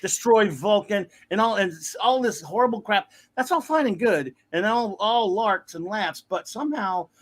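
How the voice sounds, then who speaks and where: A man's voice: sits high, lively intonation, moderate pace, few pauses. A man hosting a casual pop-culture chat, ranting animatedly and mocking other people's voices. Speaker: podcast host.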